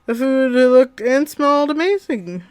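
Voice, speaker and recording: A woman's voice: high-pitched, expressive, a little slow, clean tone, no echo. A woman co-hosting a comedy podcast, playfully reading a silly fan story aloud. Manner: playful, giggly.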